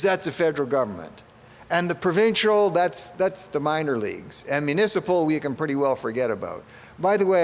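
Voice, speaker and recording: Older man, conference speaker, fairly high voice, folksy asides, hall echo. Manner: folksy, joking asides with frequent fillers. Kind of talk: conference speech. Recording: long hall reverb.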